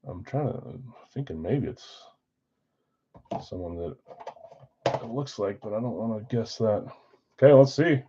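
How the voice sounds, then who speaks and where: A man's voice: on the low side, lively intonation, measured pace, pauses often, dark tone, slightly rough. A man hosting a live stream card break, chatting casually and thinking aloud as he opens packs. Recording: dull lo-fi stream audio.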